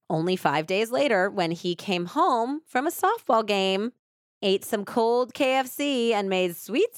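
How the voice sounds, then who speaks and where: A woman hosts a true crime podcast and retells the case as casual storytelling. She keeps it lively and chatty, slipping into quoted voices. Her voice sits at a middling pitch and sounds close and dry. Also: dry recording. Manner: animated, breathless retelling with frequent "like" and quoted voices.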